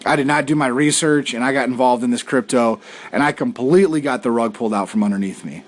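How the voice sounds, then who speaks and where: A man voicing a humbled billionaire investor who admits a mistake in a quiet, sheepish tone. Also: mid-range voice, quick pace, natural voice.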